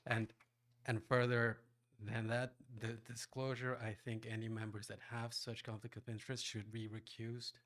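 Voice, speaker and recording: A man giving an earnest, measured public comment at a council meeting, pausing now and then. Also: mid-range voice, level tone, a bit bright. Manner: earnest and measured, with some hesitations.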